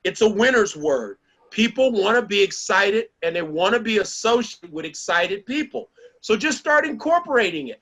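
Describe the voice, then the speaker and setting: A middle-aged man giving a motivational talk to a small group, an animated storyteller who acts out the lines he quotes. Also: high-pitched, normal speed, low-quality recording. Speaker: motivational speaker.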